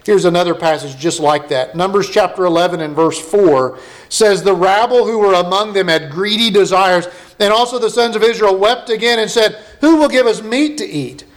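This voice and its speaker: Man, high-pitched voice, pastor, conversational sermon, reads scripture aloud. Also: normal speed.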